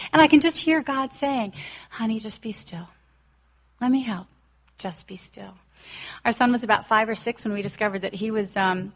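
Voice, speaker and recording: Woman in her forties, earnest storyteller sharing a recovery story, slips into the voices of the people she quotes. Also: on the high side. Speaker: recovery speaker. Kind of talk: personal recovery talk.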